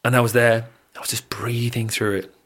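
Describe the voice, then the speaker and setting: A man, co-hosting a casual surf podcast and guiding a breathing exercise, lively and laughing, swearing casually. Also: medium pitch, moderate pace, breathy edge. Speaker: podcast co-host. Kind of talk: casual chat with guided breathing.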